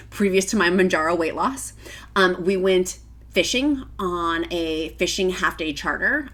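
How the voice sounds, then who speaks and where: A woman's voice: fairly low pitch, slow, fairly bright tone. A middle-aged woman vlogging to camera in a casual, emotional, gushing way, often close to tears. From Virginia, United States.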